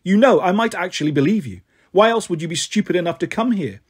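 A man's voice: high voice, lively intonation, quick pace, breathy edge. A man voicing an icy warrior queen. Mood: cold. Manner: icy, commanding. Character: proud exiled woman warrior queen, cold.

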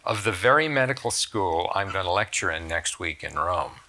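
An older man, a surgeon and author, being interviewed on stage, telling stories in an animated, reflective way. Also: sits low, normal speed, slight background noise. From United States. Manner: storytelling, animated, lively swings in loudness. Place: stage talk at a cultural center.

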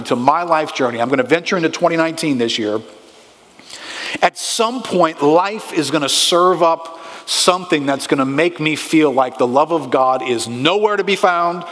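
A man's voice: a little high, a bit bright. A male pastor preaching a sermon with emphatic, rising delivery, often asking the congregation questions. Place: church sanctuary. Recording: long hall reverb.

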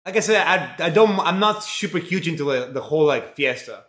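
A man's voice: fairly high pitch, expressive, brisk, fairly bright tone. A young man from Mexico streaming live while he cooks, chatting casually in a rambling, profane way full of fillers. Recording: roomy home echo.

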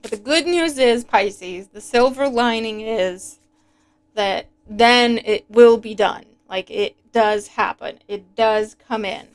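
A woman giving a casual, animated tarot reading, chatty and quick to laugh. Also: a little high, smooth. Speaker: tarot reader.

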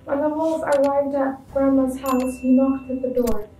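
A woman reading a children's story aloud in a clear, expressive storybook way. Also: high-pitched, unhurried, echoey room, distant mic, slight background noise, poor audio.

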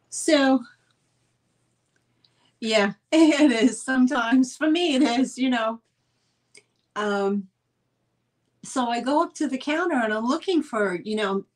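A woman, hosting a live sale stream and chatting in a rambling, casual way with lots of fillers. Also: mid-range voice.

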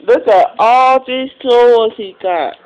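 A woman's voice: a little high, slow pace, a little mellow, dull audio. A woman talking to her puppy in a casual phone video, cooing and praising in baby talk. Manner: coos and praises in baby talk, sing-song. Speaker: dog owner.

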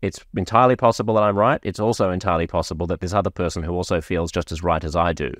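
A man's voice: deep voice, steady tone, very fast, dry recording, studio quality. A man hosting a podcast interview, thinking aloud as he builds long, probing questions. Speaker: podcast host. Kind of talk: conversational interview.

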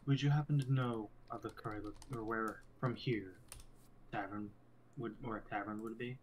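A man playing a tabletop game, speaking casually and quickly while explaining to the party. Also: lowish voice, steady tone, a little hiss or hum.

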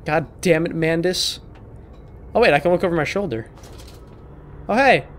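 A man's voice: a little high, moderate pace, a bit bright, a little hiss or hum. A man hosting a horror game playthrough, talking to the characters with joking, profane, mock-apologetic banter. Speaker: gaming video host. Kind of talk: horror game let's play commentary.

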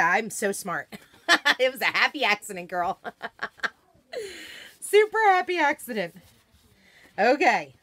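A woman's voice: mid-range voice, pushed and bright, no room sound. A woman hosting a live craft demonstration from home, chatting with viewers and reading their comments aloud. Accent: American. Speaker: craft livestream host.

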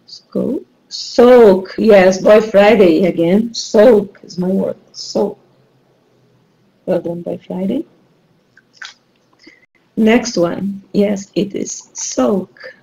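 Brazilian-accented teacher lady, very slow and patient, soft mellow voice, running a rhyme guessing game. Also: medium pitch, creaky, poor audio. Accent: Brazilian Portuguese. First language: Portuguese. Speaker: online class teacher. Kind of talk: running a rhyming word game.

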